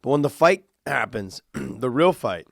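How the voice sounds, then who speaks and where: A man's voice: mid-range voice, very animated, measured pace, gravelly, no room sound, clean studio sound. A man co-hosting a podcast in casual chat, rambling and hesitant with many fillers. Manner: rambling, hesitant, lots of ums and likes. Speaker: podcast co-host.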